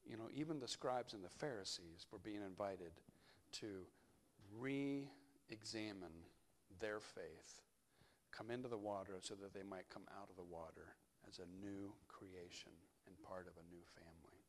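A male pastor giving a conversational sermon, reflective and unhurried, thinking aloud as he goes. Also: low-pitched, slight background noise.

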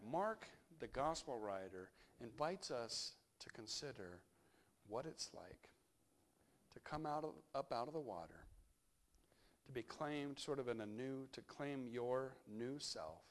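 A man preaching in a relaxed, conversational way, with a voice of ordinary middle pitch. He sounds reflective and unhurried, pausing and restarting as he thinks aloud. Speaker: pastor. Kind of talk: conversational sermon.

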